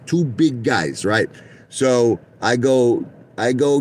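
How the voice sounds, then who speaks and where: Animated, boastful New man. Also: mid-range voice, moderate pace, slight background noise. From Brooklyn, New York. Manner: boastful, repeats "listen to me" and "okay?", laughs mid-story. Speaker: vlogger. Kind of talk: rambling storytelling and boasting to viewers. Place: inside his parked car.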